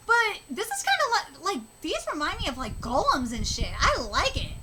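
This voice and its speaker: A woman in her thirties reads a manga live and reacts to it. Her voice is high and lively, and she gushes and swears freely as she talks. There is clear noise on her home recording. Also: normal speed, hardly any pauses. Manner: excitable and gushing, swears freely. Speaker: streamer.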